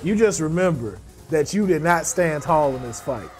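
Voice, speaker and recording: A man's voice: a little high, animated, normal speed, soft background music. A man hosting a casual gaming show, joking and bantering with his co-hosts. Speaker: host.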